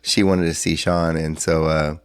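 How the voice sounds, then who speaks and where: A man's voice: rumbling low, level tone, moderate pace, smooth, no echo, clean studio sound. A middle-aged man telling a long story in casual chat, rambling with fillers and acting out what people said. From San Antonio, Texas. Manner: rambling, lots of fillers and restarts, acts out dialogue. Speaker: podcast guest. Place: hotel room.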